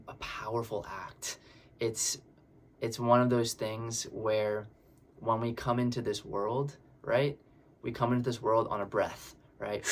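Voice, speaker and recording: A man, a breathwork facilitator, explaining a session in a relaxed, reassuring way and often repeating his words. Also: medium pitch. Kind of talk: casual explanatory talk.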